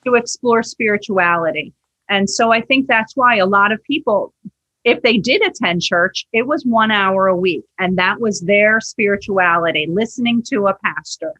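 Her voice is husky yet fairly bright, medium in pitch and moderate in pace. She teaches yoga and, as a podcast interview guest, tells earnest stories while acting out their dialogue.

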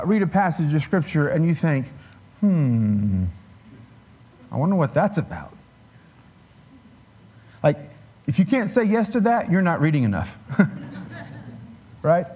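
A man preaching a conversational sermon as a guest scholar, explaining in a relaxed way and dropping in wry humorous asides. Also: high voice, moderate pace, pauses often.

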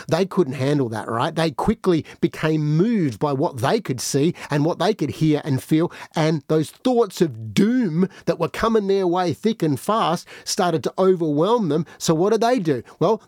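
A man's voice: a little high, no echo, clean studio sound. A man preaching a podcast sermon, addressing listeners directly and acting out the voices he quotes. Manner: animated, acts out quoted voices.

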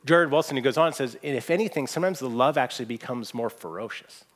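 A man preaching to a gathered room, his voice at an ordinary middle pitch. He talks with earnest conviction, pushing up into emphatic, ringing stretches and then easing into quiet, tender asides. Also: moderate pace, few pauses. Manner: earnest, rising to emphatic peaks and dropping to soft quoted asides. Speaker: pastor. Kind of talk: sermon. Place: church hall with audience.

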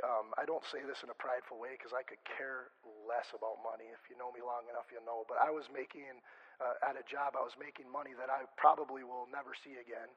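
A man's voice: medium pitch, a bit bright, slightly rough, lo-fi sound. A male pastor preaching a conversational sermon, chatty and joking, often stopping and restarting mid-sentence. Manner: chatty, self-interrupting, joking asides.

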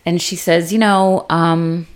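A woman with a fairly low voice recaps a TV series in casual chat. She talks with lots of fillers and throws herself into the quoted lines, jumping up in pitch and sometimes shouting when the story gets heated. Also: slow. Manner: animated retelling, acts out quotes with big pitch jumps. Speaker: podcast co-host.

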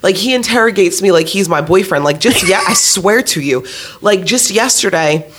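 A woman telling stories about her children in casual chat, animated and laughing often. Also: medium pitch, moderate pace, noisy background. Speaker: podcast guest, mother.

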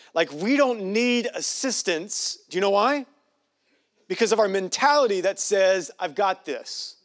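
A man preaching a sermon in a folksy, joking way with playful asides. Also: fairly high pitch. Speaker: pastor.

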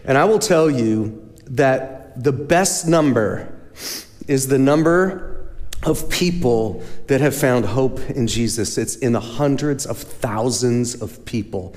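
A man speaking as a charity's guest speaker, telling stories in a lively sermon style and acting out the voices of the people he quotes. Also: medium pitch, takes it slowly. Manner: animated storyteller, acts out quoted voices. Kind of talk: storytelling sermon talk. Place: church sanctuary. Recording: long hall reverb.

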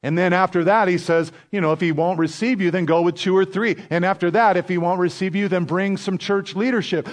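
A man preaching a sermon in a conversational way, lifting his voice for emphasis and then dropping it soft, with quick asides and light laughs. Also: sits high. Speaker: pastor.

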